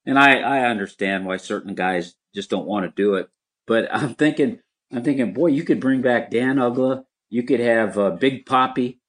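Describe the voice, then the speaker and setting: An older man, slightly hoarse, reminiscing in a rambling way as a guest in a casual interview. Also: mid-range voice, moderate pace, fairly bright tone.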